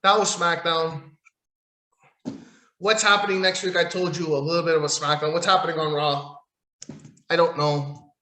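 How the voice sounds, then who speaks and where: A man's voice: on the high side, fairly even intonation, normal speed, long pauses, sharp tone, echoey room. A man hosting a solo wrestling podcast, ranting in a profane, sarcastic, rambling way while losing his voice. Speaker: podcast host.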